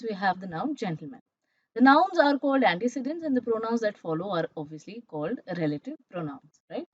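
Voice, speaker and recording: A woman's voice: on the high side, a little mellow. A woman teaching a grammar lesson, explaining patiently and checking in with her students as she goes. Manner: explanatory, checks in with "all right?" and "right?". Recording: dull, slightly muffled dry recording.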